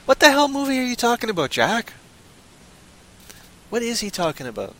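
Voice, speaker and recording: Male podcast host, excitable rambling talker, bright and lively. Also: very high voice, moderate pace. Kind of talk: casual chat.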